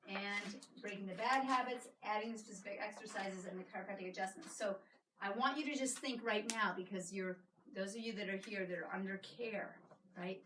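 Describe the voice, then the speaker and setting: A woman chiropractor giving a live workshop to patients, energetic and coaxing, often checking in with "right?". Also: medium pitch, fairly quick, noisy background. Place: clinic room with a small audience. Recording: echoey room, mic at a distance.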